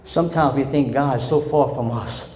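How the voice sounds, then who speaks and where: Male pastor preaching a sermon. He is fervent and swings between loud and soft, and it is recorded in a church with a long echo and faint noise. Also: medium pitch, normal speed. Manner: impassioned preaching that swings from loud declarations to quiet storytelling. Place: church sanctuary.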